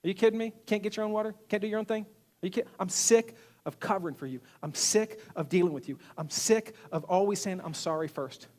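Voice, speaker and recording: A man's voice: high voice, brisk, a little mellow, natural voice. A man voicing an exasperated male prophet leader who rants with sarcastic complaints. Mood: fed-up.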